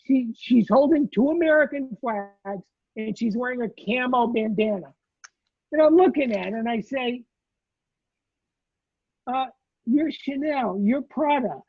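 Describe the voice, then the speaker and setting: A man recounting a personal memory as a survivor, lively and acting out the lines he quotes. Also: very high-pitched, moderate pace, no room sound. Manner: animated storyteller, acts out quoted lines. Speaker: survivor telling his story. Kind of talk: personal storytelling in a conversation. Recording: tinny phone-like line.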